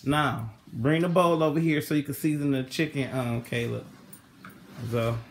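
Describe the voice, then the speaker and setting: A mid-range male voice at normal speed, with slight background noise, belongs to a vlogger teaching kids to cook at home. He casually talks viewers through the session, patiently coaching the children step by step and calling out directions.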